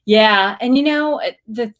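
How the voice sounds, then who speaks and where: A woman's voice: a little high, slow, fairly bright tone. A middle-aged woman hosting a spiritual livestream, chatting casually and reading viewer comments aloud with gushing enthusiasm and squealing cheers.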